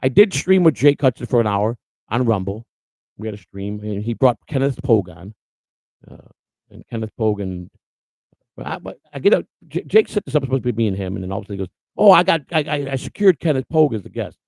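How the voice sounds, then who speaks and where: A man's voice: on the low side, very animated, quick pace, vocal fry, dark tone, dry recording, low-quality recording. A man hosting a livestream who talks casually in a rambling, blunt way with many restarts. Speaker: host.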